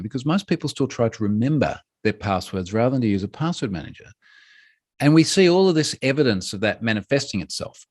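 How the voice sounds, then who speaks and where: A man giving a conference talk, lively and humorous, with quick asides. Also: medium pitch. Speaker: speaker giving a talk on password security.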